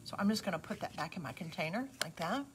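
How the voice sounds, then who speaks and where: Background noise sits under this clip of a middle-aged Southern US woman running a casual live craft demo. Her voice is on the low side, expressive and fast as she chats folksily with viewers while demonstrating a product.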